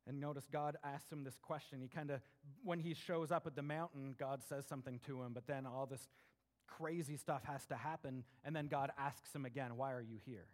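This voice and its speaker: A man's voice: medium pitch, steady tone, moderate pace. A middle-aged man preaching a sermon in a conversational way, often checking in with "right?" and acting out voices. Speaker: pastor.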